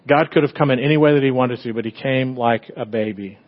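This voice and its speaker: Conversational pastor preaching, slightly dull sound. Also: male voice, medium pitch, fairly quick. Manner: conversational and storytelling, swinging from loud bursts to hushed tenderness. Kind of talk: sermon.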